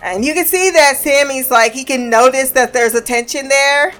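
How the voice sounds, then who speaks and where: Animated woman recapping a TV episode. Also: high-pitched, normal speed, soft background music. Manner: animated, swearing, acts out characters' lines. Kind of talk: casual recap chat.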